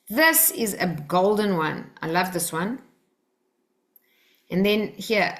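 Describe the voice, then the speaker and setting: A woman teaching a live workshop, coaching the group gently and acting out phrases to say to children. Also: mid-range voice, moderate pace. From Australia.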